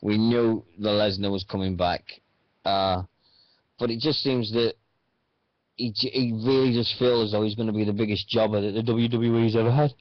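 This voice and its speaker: A man's voice: fairly low pitch, level tone, moderate pace, dry recording. A man hosting a radio show, chatting casually about wrestling in a rambling, hesitant way. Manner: rambling, hesitant with many fillers. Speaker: radio host. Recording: dull dry sound.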